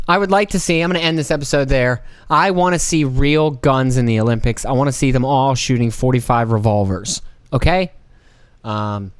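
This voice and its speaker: A man's voice: mid-range voice, clear, resonant tone, dry recording. A man hosting a casual solo podcast, rambling and joking with plenty of profanity and playful mock voices. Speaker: podcast host.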